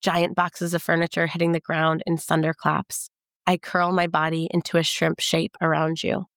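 A woman giving a measured, intimate first-person audiobook narration. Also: sits low, level tone, fairly bright tone, dry recording, clean studio sound.

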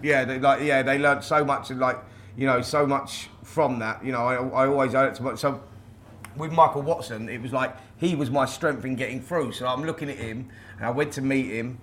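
A man's voice: mid-range voice, fairly even intonation, fairly quick, a bit bright, a little hiss or hum. A middle-aged man, a former boxer guesting on a podcast, telling stories in a casual, rambling way with many repeated words. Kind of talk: casual storytelling.

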